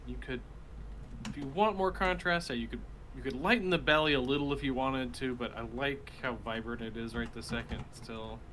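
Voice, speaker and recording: A man's voice: medium pitch, brisk, fairly bright tone, a little hiss or hum. Easygoing man, mid-range voice, friendly design feedback. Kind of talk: casual chat.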